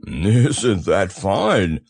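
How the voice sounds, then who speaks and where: A man doing Winnie the Pooh, slow and gravelly. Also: low voice, very animated, a little mellow, dry recording, clean studio sound, pitched below the performer's own voice, full character voice. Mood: anxious. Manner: slow, ponderous, musing delivery. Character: gentle, slow-witted male teddy bear. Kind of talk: storybook character voice.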